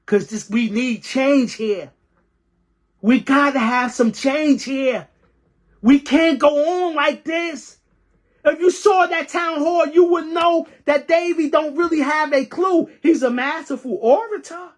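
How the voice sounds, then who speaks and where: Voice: sits high, takes it slowly. A transit worker from New York delivering an impassioned rant, heated and repeating phrases for emphasis. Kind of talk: impassioned ranting monologue.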